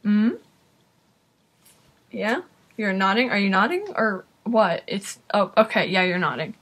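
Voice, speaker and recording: This woman reacts to a video in a medium-pitched voice, talking a little slowly. Her casual commentary is full of exclamations and direct remarks to her viewers.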